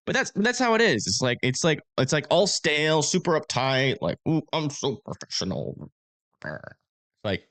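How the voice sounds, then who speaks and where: A man's voice: fairly low pitch, fairly bright tone, no echo. A man hosting a casual livestream, chatting with viewers and talking through storm forecasts in a rambling, filler-heavy way.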